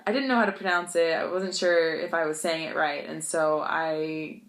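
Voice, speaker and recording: A woman's voice: low voice, fairly even intonation, normal speed, fairly bright tone, reverberant. A woman vlogging about learning a language, chatty and self-deprecating, telling stories and laughing often. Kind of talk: casual storytelling vlog.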